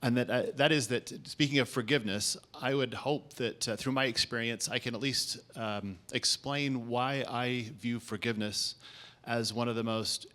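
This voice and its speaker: A man, an invited speaker, opens his town hall speech graciously and haltingly. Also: mid-range voice, fairly even intonation, sharp tone. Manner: gracious and halting, many fillers. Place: conference event.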